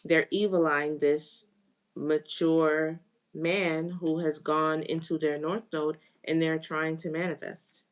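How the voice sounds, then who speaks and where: A woman giving a live tarot reading, animated, with exclamations and phrases repeated for emphasis. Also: low-pitched, takes it slowly. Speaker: tarot reader.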